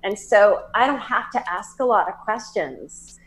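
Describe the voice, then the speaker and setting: A woman with a Southern accent, a psychic medium talking as a guest in an interview, animated and laughing, with many fillers and restarts. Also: medium pitch, a little slow. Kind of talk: casual interview talk.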